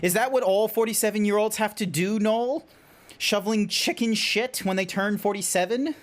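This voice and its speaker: A man's voice: high voice, normal speed. A man with an Australian accent chatting playfully with his chat while streaming a game. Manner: playful, joking, teasing chat. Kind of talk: casual chat while gaming.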